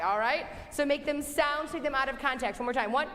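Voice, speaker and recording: Young woman choir director, high voice, encouraging, reverberant rehearsal hall. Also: a bit bright. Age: young adult. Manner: brisk and encouraging, sings example phrases. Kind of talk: rehearsal instruction. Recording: long hall reverb, faint music.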